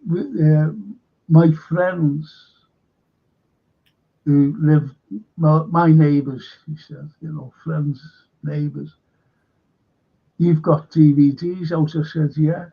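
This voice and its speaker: Man, local historian, gravelly and husky, raised pitch, lo-fi stream audio. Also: slow pace, pauses often. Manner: animated storyteller acting out quoted voices. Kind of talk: casual chat on a live stream.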